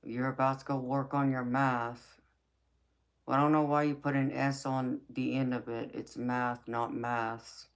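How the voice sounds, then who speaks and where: A woman with a low, raspy voice hosting a late-night live stream, reading viewer comments and answering them in a sassy, affectionate way. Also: level tone, normal speed. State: dry mouth from talking a lot. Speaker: tarot reader and live-stream host.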